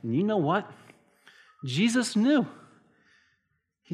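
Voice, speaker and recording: A middle-aged man preaching a sermon, swinging between loud emphatic bursts and hushed, quiet asides. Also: medium pitch, measured pace. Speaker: pastor.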